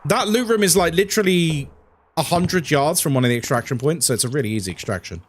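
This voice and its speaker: A man streaming a game and chatting casually, telling rambling, animated stories and repeating himself a lot. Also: a little high, quick pace, a little hiss or hum.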